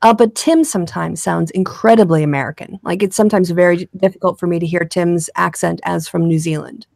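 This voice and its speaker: A woman's voice: fairly low pitch, fairly even intonation, a little fast, creaky, a little mellow, no echo. A tired woman hosting a casual online chat, talking chattily and often trailing off with a laugh. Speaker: podcast host.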